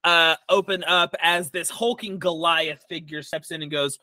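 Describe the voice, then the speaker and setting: A man narrating as dungeon master in a tabletop game, halting with many fillers and restarts. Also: fairly high pitch, steady tone, bright, forceful tone, no echo.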